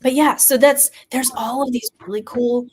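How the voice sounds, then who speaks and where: A woman's voice: on the high side, steady tone, moderate pace, darkish tone, poor audio. Chatty woman giving health tips. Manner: chatty, loose stream-of-consciousness tips. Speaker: host. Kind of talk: casual health talk on a livestream.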